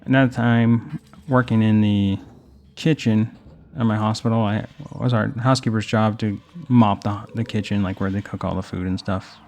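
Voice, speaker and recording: Gravelly low-voiced man rambling over gameplay. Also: fairly even intonation, normal speed, darkish tone. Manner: rambling storytelling while playing. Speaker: gaming host. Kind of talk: casual let's play commentary.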